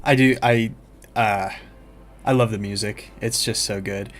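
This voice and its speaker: A man's voice: on the low side, fairly even intonation, a little slow, faint music behind. A young man giving casual, joking let's-play commentary as a game streamer, swearing freely. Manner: chatty, joking, swears a lot.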